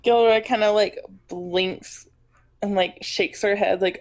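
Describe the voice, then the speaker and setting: A woman's voice: mid-range voice, fairly even intonation, slow, a little mellow. A woman playing a tabletop game, casually describing what her character does, with plenty of fillers. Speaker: player.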